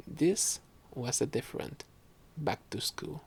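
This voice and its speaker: Young man, husky voice, casual solo podcast chat, rambling, self-correcting. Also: medium pitch, expressive, measured pace. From Quebec, Canada. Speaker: podcast host and student.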